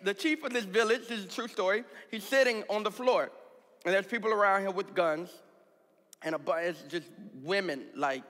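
A man pastor telling a candid, comic story in a sermon, animated and laughing along. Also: high-pitched. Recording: reverberant hall sound.

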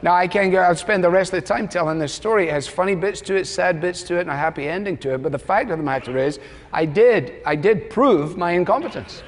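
A male pastor preaching, telling a self-deprecating story with humor and acting out the dialogue in lively bursts. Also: fast, big-room sound. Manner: lively, rising to high animated bursts. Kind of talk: sermon.

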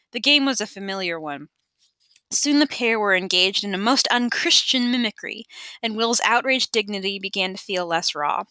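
A woman's voice: mid-range voice, lively intonation, moderate pace, pushed and bright, dry recording. A woman reading an audiobook chapter aloud, plainly, with occasional stumbles and restarts. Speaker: amateur audiobook reader. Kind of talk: audiobook narration.

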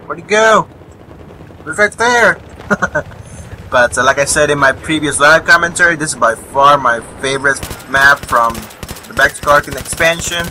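A man's voice: a little high, bright, forceful tone, a little hiss or hum, poor audio. Young man rambling over gunfire. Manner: rambling, swears, chuckles at enemies. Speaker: gameplay commentator. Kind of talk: live gameplay commentary. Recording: faint gunfire and vehicles behind. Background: game gunfire and explosions.

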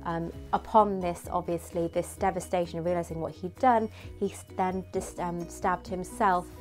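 A woman's voice: lowish voice, a little mellow. Giggly woman gushing over a prop. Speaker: vlogger reviewing a prop replica. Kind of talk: casual product review chat.

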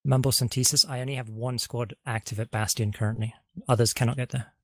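A man's voice: mid-range voice, fairly even intonation, fast talker, dry recording, clean studio sound. A man leading a squad in an online game, giving hesitant status reports over voice chat with many fillers. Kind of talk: game voice comms.

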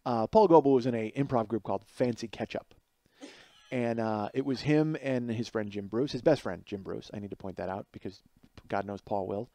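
A man in his forties hosting his own podcast, telling a rambling comic story that climbs higher and louder as he gets worked up. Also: moderate pace, dry recording. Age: 40s. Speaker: podcast host. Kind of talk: casual comedic monologue.

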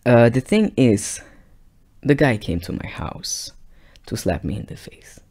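A man's voice: mid-range voice, big pitch swings, a little slow. Rambling man telling a personal story. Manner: rambling, repeats himself, drops to a hushed near-whisper. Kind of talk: casual storytime vlog.

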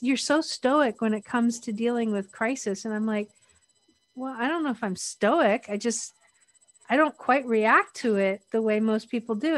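A woman's voice: a little high, no echo. A middle-aged woman speaking as an interview guest, candid and reflective, often restarting her sentences.

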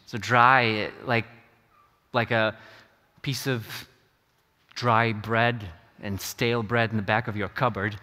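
A middle-aged man preaching a sermon as pastor, earnest and halting, often repeating his words. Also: mid-range voice, bright, forceful tone. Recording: long reverb of a church hall.

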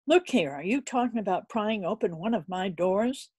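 A woman voicing a brisk, bossy older landlady who scolds and fusses over her premises. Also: mid-range voice, lively intonation, darkish tone, husky, no echo. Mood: scolding. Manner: scolding, bustling, indignant.

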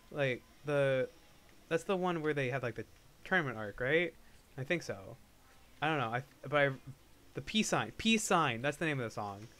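A man's voice: medium pitch, fairly bright tone, a little hiss or hum. A young man streaming live, chatting casually and rambling, often restarting his sentences. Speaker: livestreamer. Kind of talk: casual livestream chat.

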